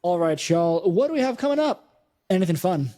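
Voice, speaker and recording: A man's voice: high voice, sing-song, normal speed, warm tone. A man hosting a casual gaming podcast, chatting in an upbeat, self-deprecating way. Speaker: podcast host.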